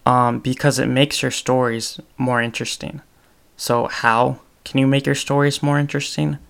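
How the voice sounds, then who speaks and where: A man's voice: mid-range voice, little pitch movement, moderate pace, creaky, fairly bright tone, clean tone. A young man hosting his own podcast, talking casually about storytelling with many ums and restarts. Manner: rambling, frequent ums and restarts. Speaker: podcast host. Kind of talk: casual solo podcast talk.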